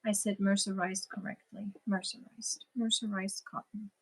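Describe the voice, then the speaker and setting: A woman's voice: medium pitch, level tone, normal speed, gravelly, slightly rough. A woman with a German accent, a native German speaker, chatting casually with viewers as host of a crochet livestream, answering comments and laughing at herself.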